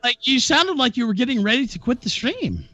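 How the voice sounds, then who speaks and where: A man hosting a talk show, debating aggressively on a live stream, yelling and hurling profane insults. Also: extremely high pitch, very animated, fairly quick, no echo, highs cut off.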